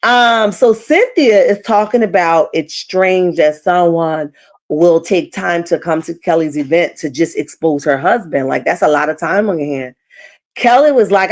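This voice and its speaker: A woman's voice: lowish voice, a little slow. A woman hosting a casual reality TV recap, retelling scenes dramatically and putting on the cast's voices. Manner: animated, dramatic retelling with acted quotes.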